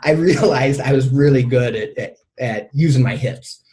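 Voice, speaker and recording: Middle-aged man, halting storyteller. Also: mid-range voice, dark tone. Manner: halting, repeats words often. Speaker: guest coach. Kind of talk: personal storytelling in an interview.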